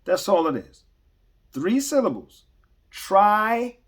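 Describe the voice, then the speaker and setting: A man hosts a podcast, delivering an unscripted commentary monologue to his listeners. His mid-range voice is expressive and unhurried, and he speaks earnestly and emphatically, almost like a preacher, stressing key words and restarting phrases.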